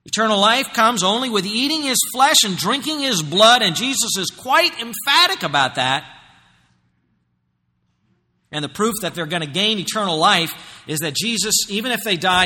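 A man preaching a sermon as pastor, emphatic, swinging between loud passages and hushed ones. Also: high voice, animated, moderate pace. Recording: long hall reverb.

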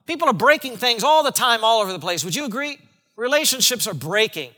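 A man preaching a sermon as a pastor, emphatic, dropping to hushed tones and rising again. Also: extremely high pitch, big pitch swings, a little fast, in a large hall. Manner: emphatic preaching, shifting between loud and hushed.

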